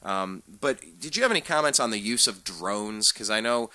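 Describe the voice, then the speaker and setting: Young guy hosting a talk show, bright punchy voice, kinda low, dry sound. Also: moderate pace, no room sound. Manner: animated, opinionated, jokey. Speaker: host. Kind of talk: casual political talk show.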